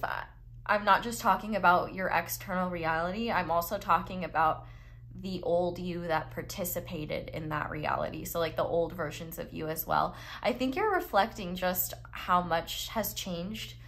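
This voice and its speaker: A woman's voice: on the low side, fairly bright tone. A young woman giving a casual psychic tarot reading, chatty and filled with "like" and "um," often restarting her sentences. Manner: chatty, heavy use of "like" and "um", frequent restarts. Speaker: tarot reader.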